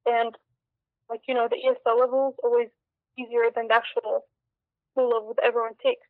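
A woman's voice: on the high side, flat delivery, fairly quick, no room sound. A young adult woman answering interview questions in a casual, reflective way, hesitating often with fillers and restarts. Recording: tinny phone-like line.

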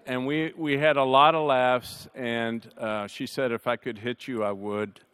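A man's voice: medium pitch, steady tone, unhurried, clean tone. Man telling a story in a resonant hall. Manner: conversational, wry humor, drops to a soft voice at sad moments. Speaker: panelist. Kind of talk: personal storytelling on a panel. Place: large chapel. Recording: long reverb of a large hall.

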